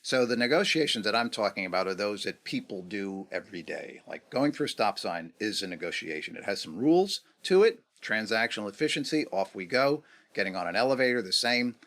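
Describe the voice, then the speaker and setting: A middle-aged man from New York, a guest in an interview, telling negotiation stories in a casual, animated way and asking rhetorical questions. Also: lowish voice, fairly quick, few pauses.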